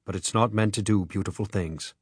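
A man reading an audiobook, voicing a quiet, guarded Irish father who speaks low and tersely. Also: a little fast, slightly rough, no room sound, clean studio sound. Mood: firm.

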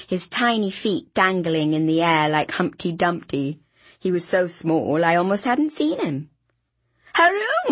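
A woman reading an audiobook in a brisk, wry storytelling manner, with a husky voice. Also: fairly low pitch, no room sound. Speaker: audiobook narrator. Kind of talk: scripted narration.

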